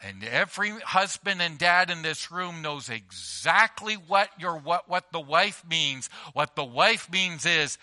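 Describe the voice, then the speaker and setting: A man's voice: fairly high pitch, expressive, a little slow, few pauses, bright, forceful tone. A male pastor preaching a sermon to a congregation, emphatic and conversational, telling everyday stories with repeated phrases. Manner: emphatic, conversational storytelling with repetitions. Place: church before a congregation.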